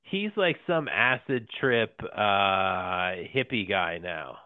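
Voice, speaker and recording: A lower-voiced man chatting casually on a podcast, stopping and restarting often and laughing between thoughts. His voice is smooth and clean but squeezed through a narrow, phone-like line. The sound is dry, with no room around it. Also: lively intonation, no echo. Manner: halting, many fillers and restarts, laughs often. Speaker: podcast co-host. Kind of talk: casual wrestling podcast chat.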